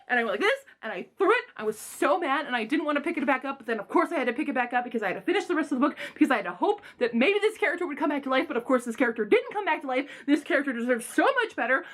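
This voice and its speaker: A young woman giving quick, rambling book reviews in a casual vlog, excitable and gushing, with loud outbursts. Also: high voice.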